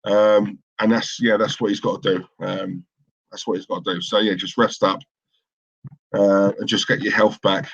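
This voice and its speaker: A man's voice: lowish voice, level tone, normal speed, creaky, lo-fi sound. A man co-hosting a live football watchalong stream, chatting casually and reading out viewer comments in a rambling, opinionated way with lots of fillers and restarts.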